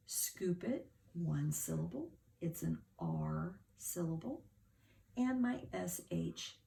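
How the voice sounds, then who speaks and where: A middle-aged woman teaching a phonics lesson to young children, sounding out words slowly and patiently. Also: fairly low pitch, lively intonation, gravelly, warm tone, slight background noise. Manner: slow, patient, over-articulated sounding out.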